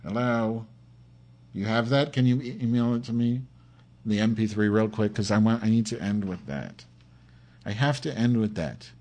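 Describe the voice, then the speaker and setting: A man with a somewhat low, husky voice hosts his own podcast from his home computer. He rambles with a camp, profane edge and nurses a headache. He jumps between grumbling asides and sudden excited outbursts. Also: moderate pace. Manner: profane, campy, rambling, swings from mutters to excited yelps. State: has a headache. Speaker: podcast host.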